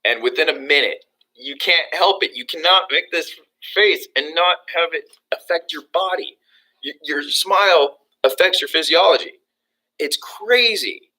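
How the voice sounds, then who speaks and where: Bright-voiced upbeat male sales trainer. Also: on the high side, low-quality recording. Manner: energetic, acts out phone calls, many fillers and restarts. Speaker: real estate trainer. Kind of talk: motivational training talk.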